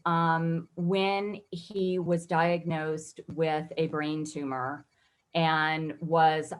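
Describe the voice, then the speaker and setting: A woman with a notably low voice speaks as an interview guest. She tells her story in an earnest, reflective way. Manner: reflective, earnest, emotional at times. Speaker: guest photographer.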